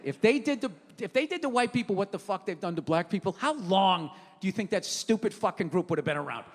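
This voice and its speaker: A middle-aged man doing a stand-up comedy rant, profane and exasperated, breaking into shouts. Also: high-pitched. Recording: reverberant theater stage.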